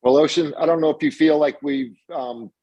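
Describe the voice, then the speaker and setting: A man's voice: fairly high pitch, moderate pace, mellow, dry recording, dull audio. A man hosting a casual chat, easygoing and chummy with his guest. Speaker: host.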